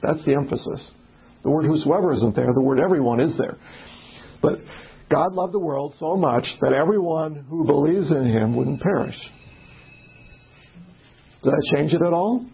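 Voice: medium pitch, lively intonation, normal speed, gravelly, pauses often, husky, phone-quality sound. A Bible study leader explaining word meanings and putting questions to the group in a casual discussion.

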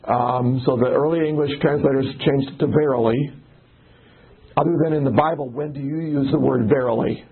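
Man, Bible study teacher, husky voice, conversational, tinny phone-like sound. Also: medium pitch, steady tone, normal speed. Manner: conversational, asks the group questions.

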